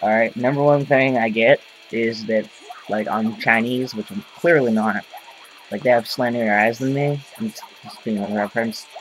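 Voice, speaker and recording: A man's voice: mid-range voice, moderate pace, rough recording. A man talking straight to his camera in a casual rant, rambling and profane, full of fillers. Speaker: vlogger. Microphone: camera mic.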